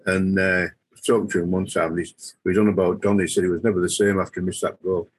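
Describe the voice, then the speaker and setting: A man's voice: deep voice, level tone, fast, slightly rough, rough recording. An older man, a former player, telling anecdotes as a guest in casual podcast chat. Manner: anecdotal, chuckling storyteller.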